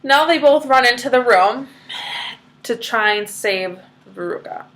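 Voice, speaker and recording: A woman's voice: fairly high pitch, animated, unhurried, a bit bright. A woman reading a children's book aloud, stopping for chatty explanations. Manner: chatty asides full of "like".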